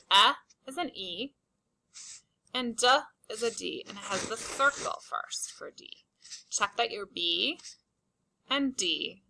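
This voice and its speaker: A woman teaching a slow, patient phonics lesson to young children, stretching out and repeating each word for emphasis. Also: fairly high pitch, sharp tone, a little hiss or hum, poor audio. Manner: drawn-out, emphatic word repetitions.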